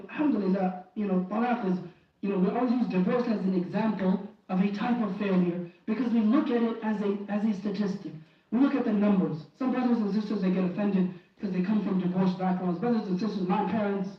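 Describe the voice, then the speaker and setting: A man giving an impassioned Friday sermon in a mosque, pleading and fervent, often restarting and repeating phrases. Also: high-pitched. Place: mosque prayer hall. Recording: very echoey hall, distant and dull.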